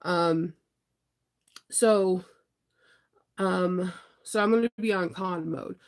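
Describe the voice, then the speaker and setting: A woman's voice: on the low side, fairly even intonation, drawn-out words. Congested upbeat woman chatting on a livestream. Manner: rambling, upbeat, answers viewer comments. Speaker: vlogger. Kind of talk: casual livestream chat.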